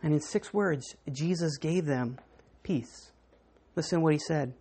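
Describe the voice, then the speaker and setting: A woman preacher giving a sermon, telling a story with animated, dramatic swings. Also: sits low, unhurried, slightly rough.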